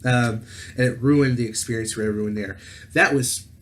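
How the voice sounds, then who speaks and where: A man's voice: medium pitch, moderate pace. A man hosting a tabletop gaming channel tells a personal story in a casual, rambling way, full of fillers and self-corrections. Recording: roomy echo with faint background noise.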